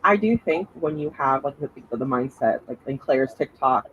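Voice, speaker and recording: A man's voice: mid-range voice, expressive, normal speed, fairly bright tone, muffled recording, a little hiss or hum. A man co-hosting a reality TV podcast, thinking aloud with lots of fillers and restarts. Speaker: podcast co-host. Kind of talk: casual chat.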